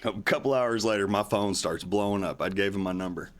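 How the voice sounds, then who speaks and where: A podcast guest speaks a little fast in a fairly low voice with a fairly bright tone. Rambling through a long story in casual talk, he acts out others' remarks with his voice raised.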